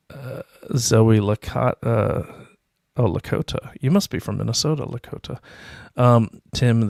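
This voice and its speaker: A man's voice: lowish voice, creaky, no room sound, studio quality. A middle-aged man hosting his own livestream, rambling through anecdotes and reading viewer comments in a casual, self-deprecating way. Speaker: livestream host. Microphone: desk mic, self-produced stream.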